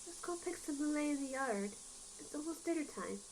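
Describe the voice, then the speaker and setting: A woman voicing a gentle, protective young man in a game playthrough, speaking with earnest reassurance. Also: sits high, animated, fairly quick, slight background noise, low-quality recording. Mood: caring.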